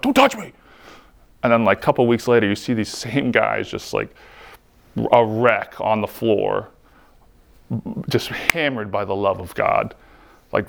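Earnest man with a gravelly voice. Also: mid-range voice. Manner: earnest, heartfelt, frequent "like" fillers. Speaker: speaker giving a personal testimony. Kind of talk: personal faith testimony.

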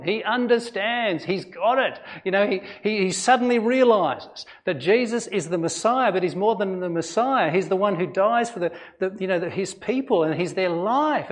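A man preaches a sermon with a fairly high-pitched voice. He speaks earnestly but conversationally, and keeps asking his listeners rhetorical questions. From Australia. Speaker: pastor.

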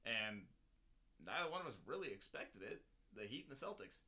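A man's voice: medium pitch, big pitch swings, fairly quick, bright, forceful tone. A man co-hosting a casual sports talk show, easygoing and joking. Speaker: podcast co-host.

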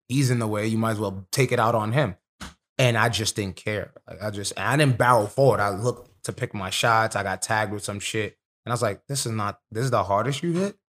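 At a moderate pace and in a lowish voice, a young fighter by profession tells stories from his fights in relaxed podcast conversation. His manner is streetwise and profane, and he tells the stories with animation.

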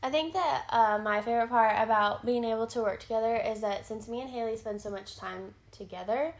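A young woman photographer talks in loose, casual chat on a podcast. Her voice sits a bit high, and she swears often, rising to loud bursts of excitement. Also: brisk.

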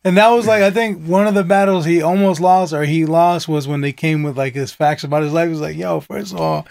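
A man's voice: on the high side, fairly even intonation, brisk, darkish tone. Easygoing man telling stories on a podcast. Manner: easygoing storyteller, lots of "like" fillers. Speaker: podcast co-host. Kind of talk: casual chat.

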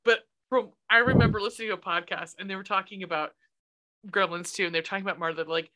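A woman's voice: mid-range voice, fairly even intonation, fast, sharp tone. A woman co-hosting a podcast, recapping a movie in casual chat, swearing freely and laughing often. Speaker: podcast co-host.

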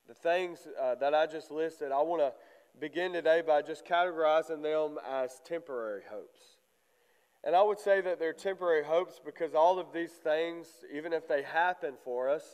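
Congested guy giving a sermon, stops and starts a lot, smooth clear voice, big echoey church. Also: a little high, a little mellow. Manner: halting, many fillers. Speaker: lay preacher. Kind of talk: sermon with prayer. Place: church sanctuary. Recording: long church reverb.

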